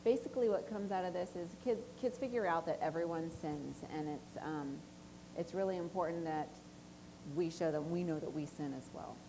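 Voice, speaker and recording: A woman's voice: lowish voice, moderate pace, background noise. A woman co-leading a sermon, reading scripture in a plain, friendly way.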